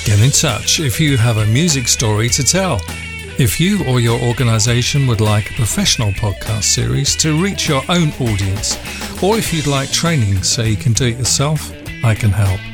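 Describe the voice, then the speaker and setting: A man's voice: mid-range voice, animated, moderate pace. Podcast host guy, polite sign-off, music running under him. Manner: polite, appreciative wrap-up. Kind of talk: interview host and outro.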